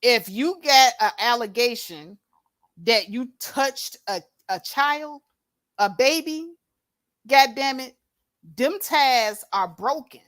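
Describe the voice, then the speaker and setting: This livestream host is a woman old enough to have a grown daughter, and she swears heavily while confronting things head-on in off-the-cuff commentary. She speaks slowly but animatedly, her pitch a little high and her tone a bit bright. The plug-in mic captures a dry, clean studio sound.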